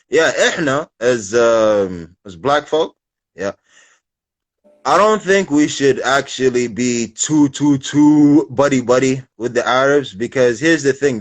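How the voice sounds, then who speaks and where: A man with English speech tinged with an American lilt, hosting a casual livestream chat and explaining things in an animated way with street slang, on a phone mic. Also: mid-range voice, no room sound. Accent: English with a slight American lilt. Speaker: livestream host.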